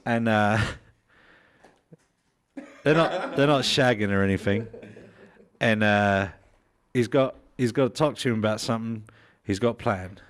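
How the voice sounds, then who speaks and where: A man narrating his character's plans in a relaxed way, with fillers. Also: lowish voice, a little slow, long pauses.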